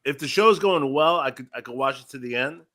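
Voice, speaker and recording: A man's voice: mid-range voice, brisk, sharp tone. A man chatting casually as a podcast guest, opinionated and blunt. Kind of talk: casual chat.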